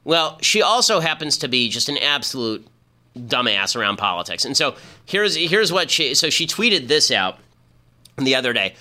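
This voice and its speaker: Combative bright-voiced male commentator. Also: mid-range voice, lively intonation. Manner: fast, combative, mocking. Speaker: podcast host. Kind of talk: opinion commentary monologue.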